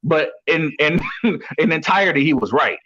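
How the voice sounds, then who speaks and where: This man's voice sits on the high side, bright and expressive with a breathy edge, at a normal speed. He's a guest coach and former pro football player, rambling through casual stories and filling gaps with "you know." The audio is dull and lo-fi.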